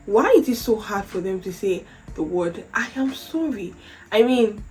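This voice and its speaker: A woman in earnest, conversational talk to camera, now and then circling back over her own words. Her pitch sits in the middle, and soft music runs quietly underneath. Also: moderate pace. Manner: earnest, conversational, repeats herself while thinking. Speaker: video creator. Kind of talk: casual reflective talk to camera.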